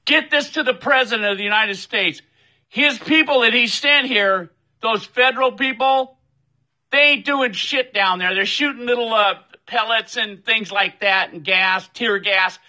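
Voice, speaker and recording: Furious, swearing man with a sharp, high voice. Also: measured pace, rough recording. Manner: furious, swearing, shouting demands. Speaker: social media poster. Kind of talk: angry profane rant to camera.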